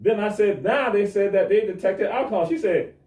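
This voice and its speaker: A man's voice: high voice, brisk, dark tone. A man animatedly retelling a traffic stop, acting out the dialogue, as a guest on a talk show. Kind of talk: animated storytelling. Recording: echoey room, mic at a distance.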